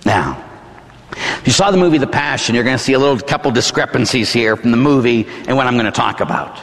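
Theatrical preacher with a gravelly voice. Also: male voice, mid-range voice, quick pace, big-room sound. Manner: vivid, theatrical storytelling with sudden shouts. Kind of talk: dramatic sermon.

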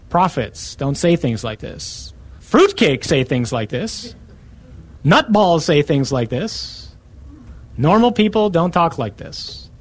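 Emphatic preacher, a man in mid-pitch. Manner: emphatic, punches key words with sudden rises in pitch. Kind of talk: sermon.

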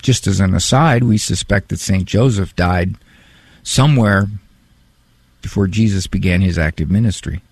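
A man's voice: low-pitched, normal speed, no room sound. A man hosting a radio call-in show, talking loosely and repeating himself as he goes. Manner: rambling, repeats words, chuckles at own story. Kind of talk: conversational call-in talk. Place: radio studio. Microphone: studio mic.

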